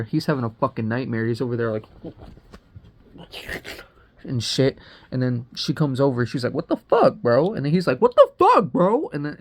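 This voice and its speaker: Young man rambling through a profane movie recap. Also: medium pitch. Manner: rambling, profane and slangy, full of fillers. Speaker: movie reviewer. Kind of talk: casual spoiler recap.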